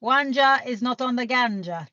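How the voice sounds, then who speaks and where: A woman's voice: fairly high pitch, normal speed, sharp tone, dry recording. Chatty British woman live-streaming, lo-fi. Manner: rambling, chatty, laughs often, swears casually. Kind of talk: casual live-stream chat. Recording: dull lo-fi sound.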